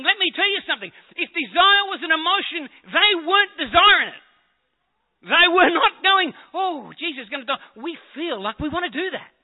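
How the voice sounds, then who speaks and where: A man preaching a sermon to a congregation, talking conversationally and joking with the people in the room. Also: very high-pitched. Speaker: pastor. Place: church hall with congregation. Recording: echoey hall on a tinny phone-like line.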